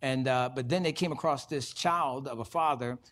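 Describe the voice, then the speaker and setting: A man delivering a sermon from the pulpit at a middle pitch. He teaches in a preacher's cadence, repeats his key lines for emphasis and drops in quick shouts of praise between points. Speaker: pastor.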